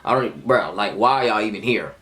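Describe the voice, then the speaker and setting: A man's voice: on the low side, normal speed. A man in his twenties telling a heated, profane story of a fight at work in a casual vlog. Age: 20s. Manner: animated, profane, heated retelling. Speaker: vlogger.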